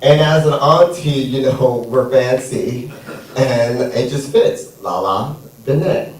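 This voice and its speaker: Sassy stand-up comic in an echoey theater. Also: male voice, medium pitch. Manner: playful, sassy, drawn-out punchlines. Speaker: stand-up comedian. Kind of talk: stand-up set. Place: comedy theater stage. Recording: echoey room, far from mic.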